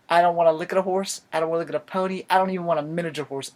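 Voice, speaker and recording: A young man telling a funny personal story in casual, swearing storytime style, jumping from low mutters and whispers to loud outbursts. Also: steady tone, very fast, hardly any pauses. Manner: sometimes drops to a whisper. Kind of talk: casual profane storytime monologue.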